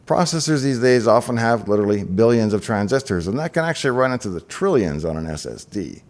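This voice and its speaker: A man hosting a scripted explainer, telling the story with enthusiasm and chatty asides. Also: lowish voice. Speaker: host.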